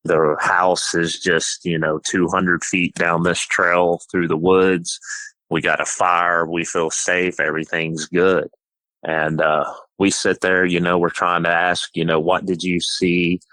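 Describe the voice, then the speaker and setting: A middle-aged man calling in to tell a personal story, halting and full of "you know" and "uh". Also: deep voice, level tone, sharp tone, no echo, rough recording. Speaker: caller.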